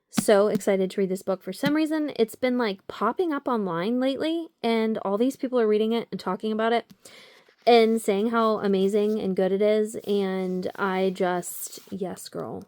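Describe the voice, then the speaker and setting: A woman's voice: medium pitch, darkish tone, no room sound. A young woman vlogging about books in a casual, bubbly chat as she walks through her home, giggling often and saying "like" a lot. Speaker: book vlogger. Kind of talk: casual chat while walking around the house. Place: at home, moving between rooms.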